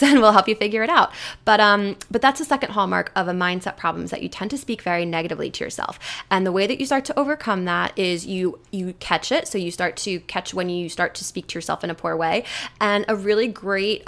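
A nutrition coach talks casually and animatedly about eating habits, acting out the voices of people she quotes. Her mid-range voice is gravelly with a fairly bright tone.

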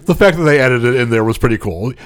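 A man's voice: mid-range voice, animated, fast talker, clear, resonant tone. A man co-hosting a podcast in a casual movie chat, often laughing along and adding short remarks.

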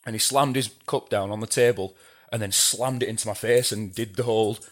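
A middle-aged man, a drummer guesting on a podcast, telling animated stories, swearing casually and laughing mid-sentence. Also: on the low side, fairly quick. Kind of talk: casual interview storytelling.

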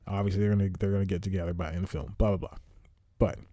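A man talks through a movie review on his own, rambling from point to point with sighs and exasperated asides. His voice sits low and mellow, recorded close and dry with no room sound. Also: fairly even intonation, rapid-fire, no room sound. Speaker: podcast host. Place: home, recording at night.

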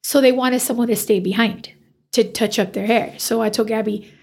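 Woman, hairstylist guest, gravelly edge, fairly high voice, lively storyteller. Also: normal speed. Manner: animated, acts out quoted dialogue. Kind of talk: casual storytelling interview.

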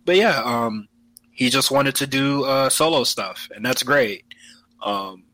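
A man talks wrestling in loose podcast chat, his voice bright and forward. He rambles, restarting sentences and leaning on fillers. The sound is dry and close, with no room around it. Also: medium pitch, slow pace, no room sound, low-quality recording. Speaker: podcast co-host. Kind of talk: casual chat.

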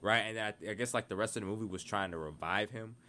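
A man's voice: fairly low pitch, fast, pushed and bright. A young man guesting on a podcast in casual chat, reacting with enthusiasm and saying "oh my God" and "bro".

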